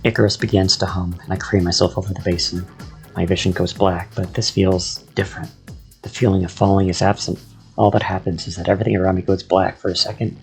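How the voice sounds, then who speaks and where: A man reading a first-person story aloud with steady, measured narration. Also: low voice, vocal fry. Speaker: audiobook narrator.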